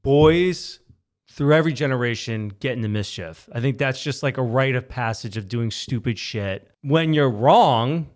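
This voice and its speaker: A man's voice: mid-range voice, normal speed. A man in his thirties co-hosting a podcast, telling a story in casual chat and acting out the voices of people he quotes. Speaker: podcast co-host.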